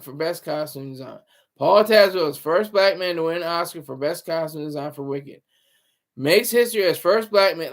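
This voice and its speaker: A man livestreaming casual commentary in a rambling, sarcastic way. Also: fairly high pitch. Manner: rambling and sarcastic, with frequent restarts.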